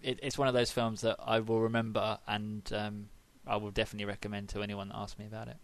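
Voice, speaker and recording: A man's voice: lowish voice, little pitch movement, quick pace. A man chatting earnestly about films on a podcast, often restarting his sentences. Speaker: podcast co-host. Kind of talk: casual film discussion.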